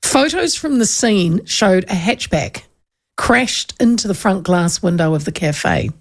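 A woman's voice: medium pitch, lively intonation, measured pace. A middle-aged woman with a New Zealand accent, hosting a show and telling stories in a chatty way, laughing often. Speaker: radio host. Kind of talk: casual chat.

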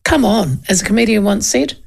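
A woman's voice: medium pitch, brisk, vocal fry. A middle-aged woman with a New Zealand accent hosts talkback radio in a chatty, cheeky way. She reads listener texts and spins casual anecdotes with an easy, conversational delivery.

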